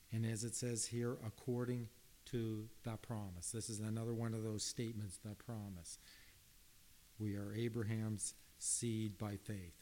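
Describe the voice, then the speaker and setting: A man's voice: lowish voice, steady tone, unhurried, a little mellow. A man preaching a sermon, reading Bible passages aloud and stressing key words earnestly, with frequent restarts.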